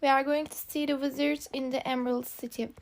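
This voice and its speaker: A kind, brave young girl from a storybook, read by a woman. The voice is high with a gravelly edge, and the lines come plainly and carefully. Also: little pitch movement, a little fast.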